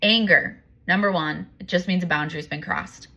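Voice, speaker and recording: A woman with a lowish pitch and a bright, forceful tone talks straight to the listener. She rambles earnestly through personal stories, long-winded and confessional, in the manner of a coach sharing lessons. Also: moderate pace, creaky. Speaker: empowerment coach. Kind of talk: candid personal monologue.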